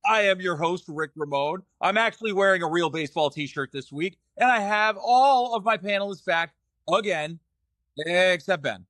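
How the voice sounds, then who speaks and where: A man's voice: high-pitched, animated, normal speed, fairly bright tone, no echo, clean studio sound. A man with a Boston accent hosting a casual podcast, teasing his panel and reading sponsors like an announcer. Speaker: podcast host.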